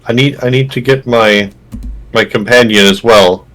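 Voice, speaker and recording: A man voicing a weary, devout male churchman who speaks politely and haltingly. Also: mid-range voice, steady tone, fairly bright tone, close to an everyday voice, poor audio.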